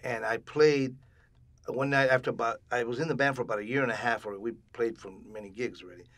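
Husky older man telling a story. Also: medium pitch, fast talker. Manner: animated storyteller acting out quoted voices. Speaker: interviewee, bandleader. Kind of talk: storytelling in a casual interview.

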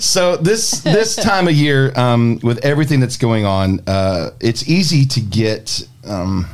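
A man who is a pastor hosting a casual podcast, talking in a playful way and laughing often. His pitch swings widely as he jokes with his co-hosts. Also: lively intonation, measured pace. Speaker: podcast host. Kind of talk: casual chat.

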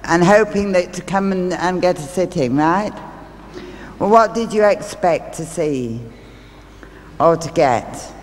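In a large theatre hall, a stage medium shares homely stories with a live crowd, adding chatty asides as she goes. She speaks slowly in a fairly low, slightly mellow voice. Slight background noise, faint ambience and the reverberance of the live hall can be heard.

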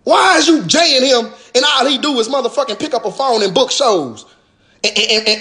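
A man, ranting in an animated, profane and mocking way on a live stream, with a sarcastic repeated "sir". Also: very high voice, normal speed. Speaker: rapper addressing his followers.

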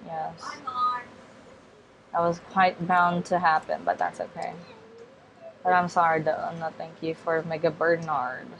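A woman talks her way through a casual game video in a slightly low voice, taking her time. She hesitates often, restarts her sentences and apologizes politely as she goes. Her delivery is unhurried and meandering. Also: level tone, noisy background. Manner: hesitant and rambling, many ums and self-corrections; apologetic, repeats polite refusals. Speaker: gaming vlogger.

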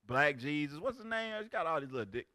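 A man in his forties, a religious teacher giving loud, exclamatory preaching commentary in casual street talk. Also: on the high side, big pitch swings, quick pace. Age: 40s. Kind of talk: animated preaching commentary on videos.

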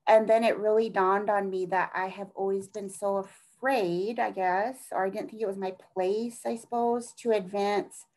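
A woman's voice: medium pitch, fairly even intonation, normal speed, few pauses, a little mellow, poor audio. Middle-aged woman, earnest, rambling, mid-range voice, conversational interview. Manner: rambling, earnest, trails off and restarts. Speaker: interview guest, task force advocate.

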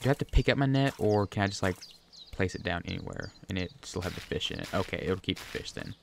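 A gaming video creator with a deep, gravelly voice talks fast into a USB desk microphone at his home desk, with a little hiss or hum in the audio. He rambles casually through gameplay commentary, even addressing the fish on screen.

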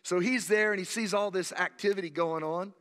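A man in his sixties, a pastor, preaching a sermon and telling stories in an animated, emphatic way. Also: high voice, a little fast. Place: church sanctuary. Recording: long church hall reverb.

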